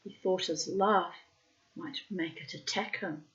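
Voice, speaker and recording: A woman slowly reading a storybook aloud, with dramatic pacing and playful asides. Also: lowish voice, steady tone, muffled recording. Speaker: storybook reader. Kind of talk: storybook narration.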